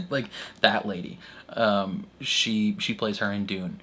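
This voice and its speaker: Chatty young man reacting, slightly low. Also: slow pace, a bit bright. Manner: rambling, laughs often, many fillers. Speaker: reaction video host. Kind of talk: casual excited commentary.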